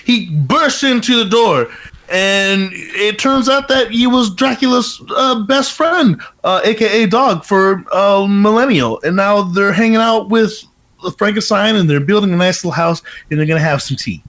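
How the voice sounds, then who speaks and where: A man co-hosting a podcast, telling an improvised story in a jokey, animated way. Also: high voice, normal speed. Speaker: podcast co-host. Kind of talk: casual improv storytelling chat.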